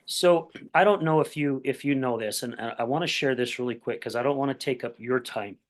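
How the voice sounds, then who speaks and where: A man hosting a recovery podcast, telling a personal story in a lively conversational way, acting out what others said and often asking "right?". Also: mid-range voice, a little fast. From Utah, USA. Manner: animated storyteller, acts out quoted voices, says "right?" often. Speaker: podcast host.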